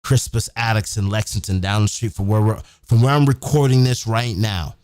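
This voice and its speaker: A man's voice: fairly low pitch, normal speed, darkish tone, dry recording, clean studio sound. A man hosting a live-streamed podcast, ranting emphatically and profanely, often tagging his sentences with "man". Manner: emphatic, repetitive, keeps saying "man"; profane, fired up. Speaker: podcast host. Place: home recording setup near a big city.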